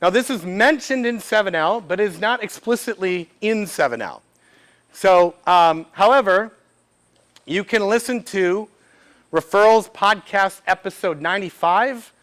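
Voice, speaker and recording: A man, giving a lively workshop talk to a live audience, acting out short bits of dialogue and asking the room questions. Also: sits high, measured pace. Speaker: speaker at a business event. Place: event room before an audience.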